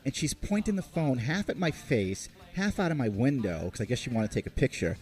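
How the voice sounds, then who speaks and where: Animated, profane man telling stories. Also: medium pitch, brisk. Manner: animated, sarcastic, swears freely. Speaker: podcast host. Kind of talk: profane comic storytelling.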